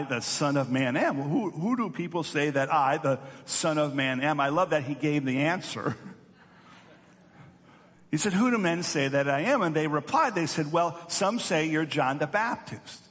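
A man's voice: on the high side, fairly bright tone. A male pastor giving an earnest teaching sermon, often repeating words as he restarts. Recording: long hall reverb.

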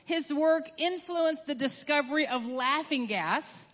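A woman delivers a sermon with a high voice. She talks emphatically, racing through some phrases and slowing down hard on others for stress. Her voice rings with the long reverb of a large hall. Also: a bit bright. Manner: emphatic, swings from quick bursts to drawn-out stresses. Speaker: preacher.

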